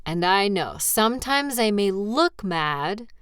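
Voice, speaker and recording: Sleepy reassuring woman, smooth lively voice. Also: mid-range voice, takes it slowly, no echo, studio quality. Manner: sleepy, reassuring, playful teasing. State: tired, yawning. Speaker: audio role-play performer. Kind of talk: comfort audio role-play.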